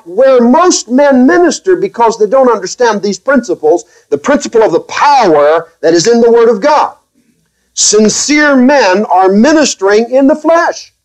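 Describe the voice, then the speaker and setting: A man preaching a sermon as pastor to his own congregation, speaking carefully, with restarts and wry, gently sarcastic asides. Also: high voice, rough recording.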